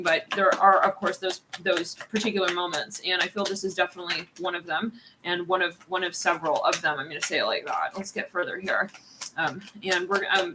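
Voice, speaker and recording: A woman's voice: medium pitch, background noise. A woman doing a channeled tarot reading, talking in a rambling, searching way with many restarts and the odd swear word. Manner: casual, drops swear words. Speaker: tarot reader.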